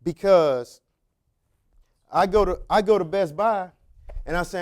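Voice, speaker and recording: Guy talking to young men, tells stories and acts out the voices, slangy, kinda high voice. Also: a little slow, long pauses. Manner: animated storytelling with acted-out dialogue; colloquial, drawling street phrasing. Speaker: motivational speaker, former prison officer. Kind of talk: storytelling talk to young men.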